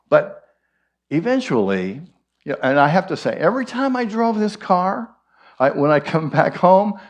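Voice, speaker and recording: A man with an Irish accent giving a conversational storytelling sermon, folksy with frequent asides. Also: medium pitch. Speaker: minister giving a talk.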